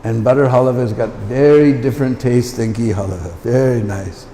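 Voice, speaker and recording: A visiting lecturer speaks fairly quickly in a warm, medium-pitched voice, giving an anecdote-filled lecture with chatty asides to listeners. He's in a large temple hall with long reverb and slight background noise.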